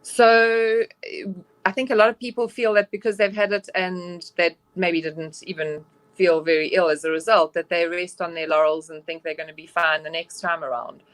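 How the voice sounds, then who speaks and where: A woman doctor speaking over a remote call, measured and explanatory, pausing on ums and uhs. Her voice sits a little low, and the sound is dry and close. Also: level tone, no echo. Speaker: doctor guest. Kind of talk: remote interview answers.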